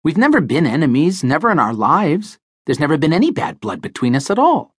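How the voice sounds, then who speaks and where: A high, rusty, wheedling voice belongs to an aging small-time crook, touchy and chipper, as a male narrator puts him on. He swoops up and down as he pleads and sulks. The sound is dry and close, with a husky edge. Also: huge pitch swings, fairly quick, no echo, heavily acted. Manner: wheedling and easily offended. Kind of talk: audiobook character voice.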